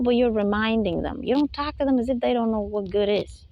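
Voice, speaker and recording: A woman's voice: on the high side, animated, quick pace, vocal fry, few pauses, dry recording, dull audio. A woman giving an unscripted spiritual lecture, emphatic and full of rhetorical questions, often laughing between points. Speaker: spiritual talk host.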